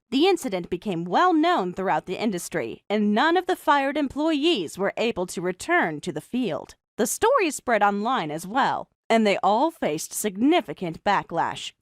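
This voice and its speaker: A young woman voicing a calm, mocking designer who also narrates the story in first person. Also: mid-range voice, dry recording, studio quality, lightly acted. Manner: cool, mocking, measured.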